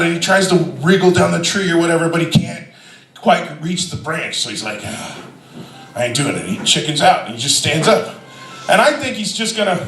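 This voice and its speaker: A man doing a stand-up comedy set, telling a profane story with shouted quotes, animated and loud. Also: sits high, echoey room, recorded from a distance, poor audio.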